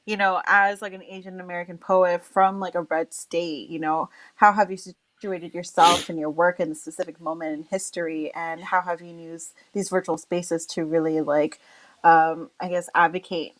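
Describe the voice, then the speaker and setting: A woman's voice: on the low side, little pitch movement, normal speed, rough recording. Chatty woman co-hosting a live stream. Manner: chatty, giggly, asks long wandering questions. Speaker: co-host. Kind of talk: casual live-stream interview.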